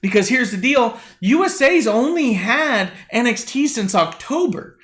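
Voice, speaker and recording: A man co-hosting a casual wrestling podcast over drinks, talking in an animated, profane way and sometimes slipping into silly voices. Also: extremely high pitch, measured pace. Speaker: podcast co-host.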